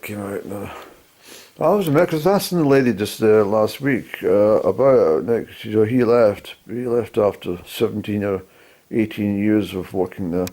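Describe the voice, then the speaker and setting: A man telling a personal story about a journey to camera, in a halting, rambling way with mild swearing. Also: lowish voice, darkish tone. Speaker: hillwalker recounting a journey.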